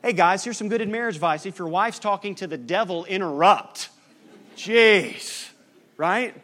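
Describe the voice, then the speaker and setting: A man delivering a sermon, lively and animated, teasing his listeners now and then. His voice sits a touch higher than most men's. He moves between quiet points and raised, punchy asides. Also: a little slow. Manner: lively preaching, teasing the congregation. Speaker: pastor.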